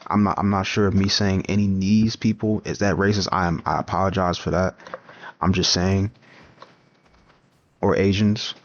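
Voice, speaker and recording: A young man talking loosely over a game, his voice sitting a little low. He rambles, laughs at his own story and restarts his sentences. The recording is dull and lo-fi, like a cheap home mic. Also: little pitch movement, moderate pace, long pauses, no echo. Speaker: comics vlogger. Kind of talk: casual rambling chat while gaming.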